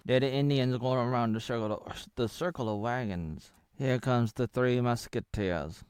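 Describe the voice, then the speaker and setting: A man's voice: mid-range voice, a little slow, a little mellow, smooth, no echo, studio quality. A man in his thirties from Oregon in the USA, giving a rambling spoiler review of a TV series and drifting between retelling scenes, jokes and murmured asides. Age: 30s. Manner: breaks into half-sung snippets and murmured asides.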